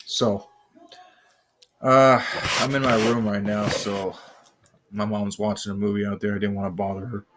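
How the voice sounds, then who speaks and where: A man's voice: lowish voice, little pitch movement, moderate pace, pauses often, fairly bright tone, a little hiss or hum. A young man from the US in a casual home vlog, chatting and rambling to viewers from his bedroom. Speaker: vlogger.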